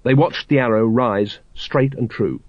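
A man's voice: mid-range voice, unhurried, no echo. Male audiobook narrator, wry dry delivery, close dead recording, slightly dull.

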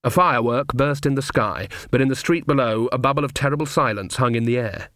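A man's voice: mid-range voice, fairly quick, a bit bright, no echo. A man narrating an audiobook with a dry, wry storytelling manner.

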